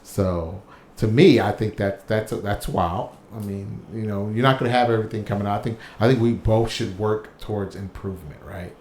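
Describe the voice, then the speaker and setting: A man's voice: lowish voice, moderate pace, darkish tone. A man co-hosting a casual chat, playful and teasing, who laughs often. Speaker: podcast co-host. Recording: echoey room with background noise.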